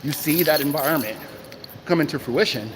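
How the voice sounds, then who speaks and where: A man's voice: fairly high pitch, brisk, noisy background. A man hosting a casual livestream, speaking into a phone he holds, asking viewers rhetorical questions and greeting them by name. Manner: animated, talks to chat viewers, asks rhetorical questions. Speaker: crypto livestream host. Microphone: phone in hand. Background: keys jangling.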